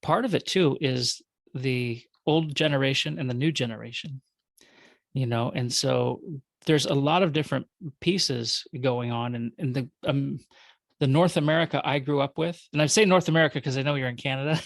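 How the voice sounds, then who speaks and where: A man's voice: mid-range voice, moderate pace, creaky, dry recording. A man with a Minnesota accent, a guest talking casually, rambling with self-corrections and jokes. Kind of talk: conversational interview.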